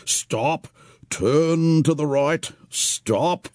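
Man doing a rowdy joker farmhand, teasing, loud, lifted. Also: fairly high pitch, very slow, no echo, studio quality, pitched above the performer's own voice. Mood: mocking. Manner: boisterous, teasing. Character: boisterous young farmhand, mocking prankster.

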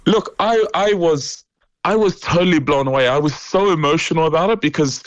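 A man's voice: fairly high pitch, brisk, dry recording, lo-fi sound. A man from New Zealand, an opera singer, chatting in an interview over a remote line, laughing often and telling stories animatedly. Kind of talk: casual interview.

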